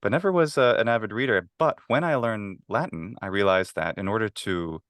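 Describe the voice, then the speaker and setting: A man's voice: fairly low pitch, brisk, fairly bright tone, smooth, no room sound, studio quality. A man being interviewed about Latin, talking eagerly in a casual way, with many fillers and restarts. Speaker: guest, Latin teacher.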